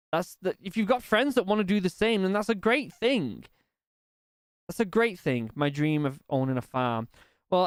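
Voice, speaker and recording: Guy, young, live-stream chatter, clear and dry, light music underneath. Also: on the high side, no room sound. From United Kingdom. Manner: chatty, reads viewer comments aloud, swears casually. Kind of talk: casual live-stream chat.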